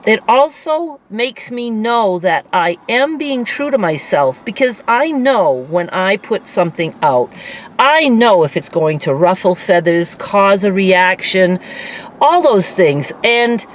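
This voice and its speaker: A woman's voice: mid-range voice, sing-song. A middle-aged woman talking candidly to her viewers in a rambling personal vlog, with faint vehicle noise behind her. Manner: candid, rambling, quick to laugh. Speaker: vlogger.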